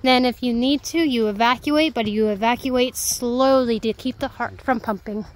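High-voiced young woman vlogging on a trail. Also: moderate pace, slight background noise, poor audio. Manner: chatty and excitable, bursts into loud exclamations. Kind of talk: casual hiking vlog. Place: outdoors on a wooded marsh trail.

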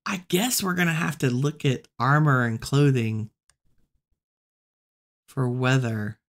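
Slow, gravelly woman narrating gameplay. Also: very deep voice. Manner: chatty, muses aloud, coaxes animals. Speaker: let's-play host. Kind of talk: relaxed gameplay commentary.

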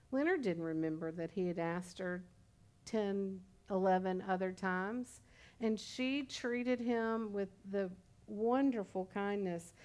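A woman in her sixties preaches at a church service with a voice a little higher than most. She talks in a conversational, storytelling way and slips in humorous asides. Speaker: pastor. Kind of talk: sermon.

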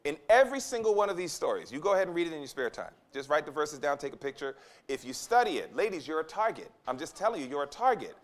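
A man preaching in a high, lively voice whose pitch leaps and falls. He is emphatic, repeats his key lines, and slips into quoted voices as he goes. Delivered as a sermon to a conference audience. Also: fast talker. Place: conference hall.

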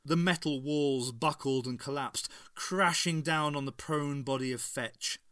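A man narrating an unabridged novel in a measured, dramatic way. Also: fairly high pitch, a bit bright, no echo, clean studio sound. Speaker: audiobook reader.

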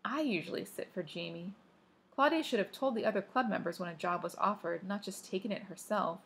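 Reading a first-person story for an audiobook, this woman drops in her own offhand asides. She speaks fairly quickly at medium pitch, with vocal fry and a husky, fairly bright tone.

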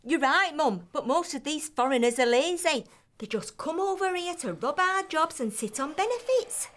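A woman's voice: high voice, expressive, moderate pace, a bit bright. A woman playing a blunt, indignant bigot. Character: loud, narrow-minded daughter and aunt.

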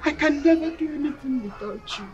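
A woman's voice: high voice, animated, fairly quick, darkish tone, highs cut off, faint music behind. An actress playing a guilty young woman who stammers as she begs forgiveness. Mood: begging. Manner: begging, stammering. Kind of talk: film acting.

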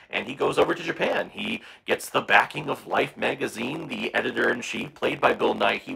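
A man with a gravelly, husky voice talks through a casual movie review. His delivery is animated and enthusiastic, full of quick asides to his viewers. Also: mid-range voice, low-quality recording.

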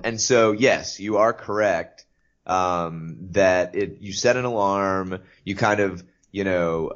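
A man with a deep, low-pitched voice talks through a podcast topic, stopping and restarting often with plenty of fillers. The audio is muffled and lo-fi. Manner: halting, many fillers and restarts. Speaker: podcast co-host. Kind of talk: casual podcast chat.

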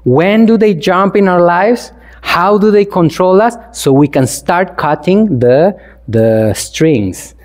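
Here a monk offers a dharma talk to a congregation, his non-native English carried by a high-sitting, darkish voice with lively intonation and a slow pace. He is playful throughout, often chuckling and quizzing his listeners.

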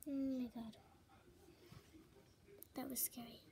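A young woman giving gameplay commentary into a tablet microphone held close, dropping to a whisper and then breaking into loud frightened outbursts. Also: sits high, flat delivery, slow, vocal fry. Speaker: gamer.

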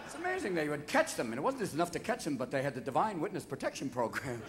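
A man performing live stand-up on a large theater stage, manic and quick to switch voices. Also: on the high side, big pitch swings, noisy background. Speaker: stand-up comedian. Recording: echoey theater, loud crowd laughter.

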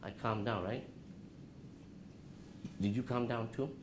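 A man giving an interactive talk to a college class, asking the students questions and dropping his voice low to show calm. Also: slow pace. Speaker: guest speaker at a college business class. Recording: roomy classroom with faint noise.

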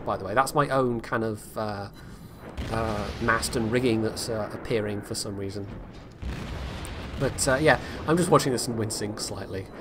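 A man's voice: medium pitch, background noise. A man giving casual, self-critical commentary over his own game replay, rambling with frequent restarts. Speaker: gameplay commentator.

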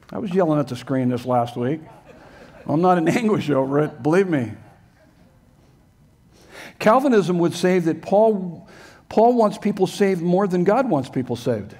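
Earnest older man preaching, higher-pitched. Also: lively intonation, a little slow, long pauses, darkish tone. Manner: earnest, emphatic, asks rhetorical questions. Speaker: pastor. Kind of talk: sermon.

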